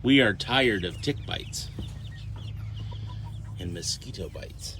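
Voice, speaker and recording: A man's voice: fairly low pitch, lively intonation, slow pace, long pauses, a crowd in the background. A man vlogging about his homestead garden, chatty and playful, talking outdoors. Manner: chatty and playful, coos at animals. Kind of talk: casual family vlog.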